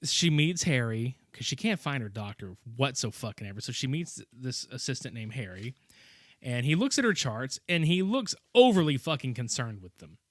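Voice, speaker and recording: A man's voice: mid-range voice, very animated, moderate pace, no echo. A man co-hosting a podcast, retelling movie scenes in a casual, profane way and laughing often. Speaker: podcast co-host. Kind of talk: casual movie-review chat.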